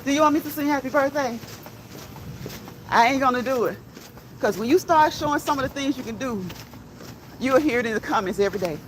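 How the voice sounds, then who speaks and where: A woman's voice: high voice, fairly quick, pauses often, slight background noise, rough recording. A woman hosting a walking vlog, chatting casually and often checking in with "okay?" and laughing. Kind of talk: casual chat while walking. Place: outdoors on a walk.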